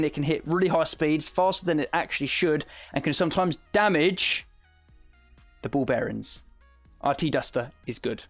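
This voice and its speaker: A man from the south of England with an Essex accent, chatting casually as a streamer while explaining a task and reading chat aloud. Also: high voice. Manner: chatty, reads chat aloud, laughs often. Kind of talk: live-stream tutorial chat.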